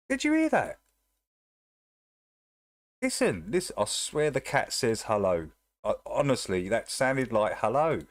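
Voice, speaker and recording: A man's voice: medium pitch, no room sound. A man hosting a livestream, reacting to a video in a casual, amused and laughing way. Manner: amused, laughing, animated retelling. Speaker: livestream host. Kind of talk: casual live chat reacting to a clip.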